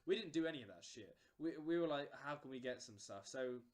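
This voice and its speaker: A man's voice: mid-range voice, lively intonation, fairly quick. A man casually telling a long story on a podcast, with many fillers and restarts. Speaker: podcast host. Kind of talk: casual chat.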